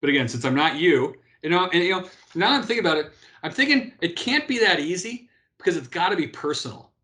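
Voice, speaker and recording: A man in his fifties talks in a fairly high voice as an interview guest. He tells stories animatedly, restarting sentences and tagging them with "right?". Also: fast. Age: 50s. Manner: animated storyteller, frequent restarts and "right?" tags. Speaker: guest, former pro beach volleyball player. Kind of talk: casual interview talk.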